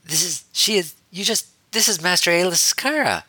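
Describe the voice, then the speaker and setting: A man's voice: high voice, animated, normal speed, pushed and bright, breathy edge, no echo, voice pushed up, heavily acted. A man reading an audiobook, voicing a flustered young female Jedi apprentice who splutters in shock.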